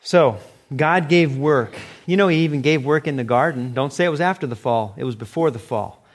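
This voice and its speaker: A middle-aged man preaching a sermon as pastor, animated, sometimes acting out short quoted exchanges. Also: mid-range voice, fairly quick.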